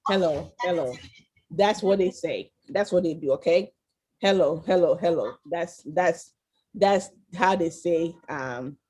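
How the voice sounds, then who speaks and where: A woman's voice: on the low side, a little mellow. A woman presenting an interactive online class over a video call. She is encouraging and keeps quizzing her listeners, asking "okay?" and "right?". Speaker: virtual tour presenter.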